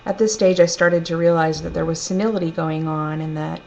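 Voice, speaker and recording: A woman telling a personal story in a gentle, reflective, unhurried way. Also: low-pitched, fairly even intonation, creaky. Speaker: storyteller sharing a personal testimony. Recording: dull lo-fi recording with faint hum.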